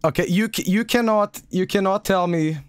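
A man hosting a live stream, giving casual, excitable commentary with plenty of swearing. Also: high voice, moderate pace, clean tone, dry recording. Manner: excitable, profane, laughs often. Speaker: streamer host.

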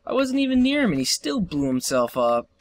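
A young man giving solo let's play commentary, excitable, yelping, cursing at the game and laughing often. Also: sits high, a little fast. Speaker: gameplay commentator.

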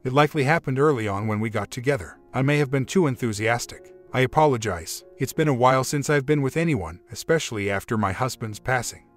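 A man voicing a tender, soft-spoken mother in a storybook reading, with little change from his own voice. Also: medium pitch, fast talker, few pauses, faint music behind, lightly acted. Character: tender, worried mother, older woman.

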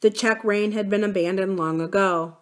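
Library reader, woman, calm novel narration. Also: mid-range voice, normal speed. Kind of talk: reading a novel aloud.

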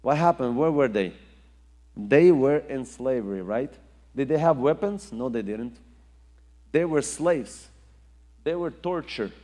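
A man's voice: medium pitch, animated, measured pace, pauses often, dark tone. Man preaching in an echoing hall. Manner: emphatic, rising and falling delivery with repetition. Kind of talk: sermon.

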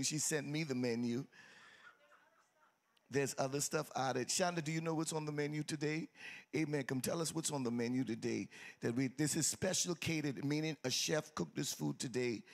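A man, preaching a lively sermon and calling out to his congregation in a teasing, sing-song way. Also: a little high, brisk. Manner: exuberant, teasing, sing-song, calls out to the crowd. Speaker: pastor. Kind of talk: lively church sermon with congregation call-and-response. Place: church sanctuary with congregation. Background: faint crowd of churchgoers.

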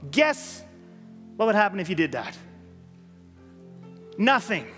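High-voiced pastor preaching in a hall. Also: male voice, big pitch swings, slow, fairly bright tone, soft background music. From Canada. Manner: earnest, emphatic, repeats phrases for effect. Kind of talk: sermon. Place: church sanctuary.

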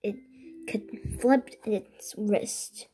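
Slow, halting woman reading a storybook. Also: mid-range voice, fairly even intonation, mellow, slightly rough. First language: Korean. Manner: halting, with restarts and slips. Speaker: reader. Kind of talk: children's book read aloud.

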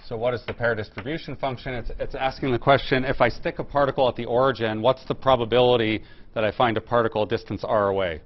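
A man's voice: mid-range voice, steady tone, fast talker, lo-fi sound, slight background noise. A man giving a technical physics lecture, explaining step by step with fillers and restarts. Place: lecture room.

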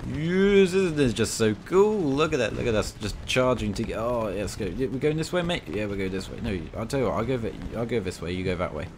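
A man giving excitable, casual commentary over a tank game, bantering at enemies with mock outrage. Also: medium pitch, fairly quick, hardly any pauses, a little hiss or hum. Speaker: gaming video creator.

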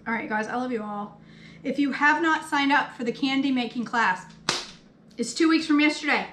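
A woman's voice: high-pitched, normal speed, slight background noise. Chatty Maine woman in an echoey kitchen. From Maine, United States. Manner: chatty and homey, addresses viewers by name. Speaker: cooking show host and health coach. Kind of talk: casual live cooking chat. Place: home kitchen.

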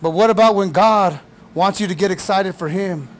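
High-voiced preaching man. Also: normal speed, slight background noise. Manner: animated preaching, shouting bursts and mock voices; casual slangy talk. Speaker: pastor. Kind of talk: sermon.

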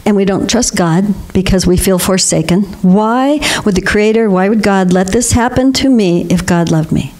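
A woman's voice: medium pitch, normal speed, hardly any pauses. Older lady giving a spiritual talk, laughs a lot while she tells stories. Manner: warm storytelling with frequent laughter. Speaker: guest speaker.

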